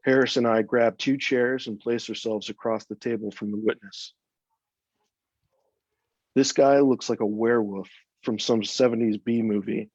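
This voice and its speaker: A man, an author, reading his own first-person crime story aloud in an even, measured way. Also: medium pitch, dry recording. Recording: dull, dry, lo-fi sound.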